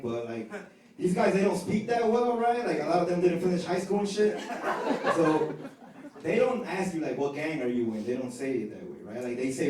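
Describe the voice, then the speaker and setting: High-voiced man doing stand-up. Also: far from the mic. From Chicago. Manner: casual, conversational, keeps asking "right?". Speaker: stand-up comedian. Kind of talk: stand-up comedy set. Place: comedy club stage. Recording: roomy live club sound from off mic with loud crowd laughter.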